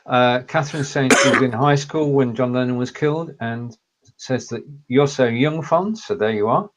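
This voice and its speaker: A man's voice: medium pitch, a little hiss or hum. Northern English man with a mixed accent. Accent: mixed northern English, Lancashire and Cumbrian. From Lancashire and Cumbria, England. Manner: measured, explanatory, reads out viewer comments. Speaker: co-host, local historian. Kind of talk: casual chat on a live video show. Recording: slightly dull lo-fi sound.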